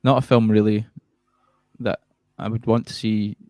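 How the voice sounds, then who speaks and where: A man's voice: on the low side, flat delivery, normal speed, a little mellow, no echo. Chatty laughing male host. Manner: chatty, laughs often, asks for recommendations. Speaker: podcast host. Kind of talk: casual chat.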